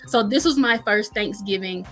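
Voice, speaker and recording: A woman guest chef telling her story in a casual interview, lively and acting out what people said. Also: mid-range voice, moderate pace, faint music behind. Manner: animated, acts out quoted dialogue.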